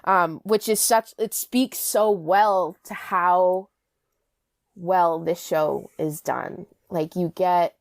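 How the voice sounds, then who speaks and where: A young woman co-hosting a podcast in casual chat, animated, with quick asides and self-corrections. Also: lowish voice, dry recording, studio quality. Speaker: podcast co-host.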